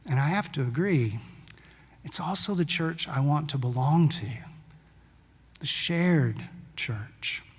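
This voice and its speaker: A male pastor preaching a sermon in a conversational storytelling way, sometimes brisk, sometimes slow and hushed. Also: a little high, lively intonation, breathy edge. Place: church sanctuary. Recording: long church-hall reverb.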